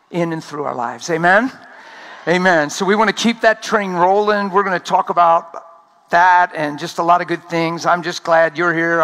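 High bright guy preaching at a conference, fast and excited, laughing a lot. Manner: energetic, laughing, pleading. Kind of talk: sermon.

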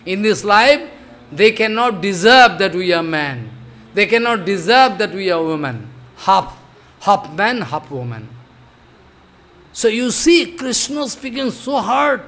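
Slow older man chanting and explaining. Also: high-pitched, sing-song, bright, forceful tone. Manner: chants verses then explains slowly with repeated emphatic phrases. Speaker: spiritual teacher. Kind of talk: devotional discourse.

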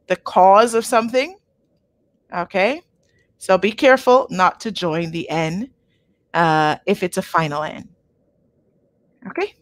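A woman gives a live online language lesson at a slow, unhurried pace, repeating each word carefully. She keeps checking in with her learners as she goes. Her voice is close and dry, as if recorded at home on a computer mic. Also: mid-range voice, a bit bright, dry recording. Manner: patient, checks in with frequent "okay?", models words slowly twice. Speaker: language teacher.

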